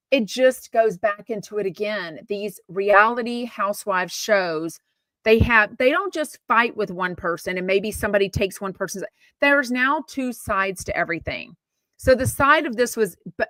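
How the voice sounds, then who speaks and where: A woman's voice: medium pitch, a bit bright, no echo. A woman from Texas, hosting a podcast in a blunt, chatty, opinionated way with casual swearing. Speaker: podcast host. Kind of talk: casual gossip commentary.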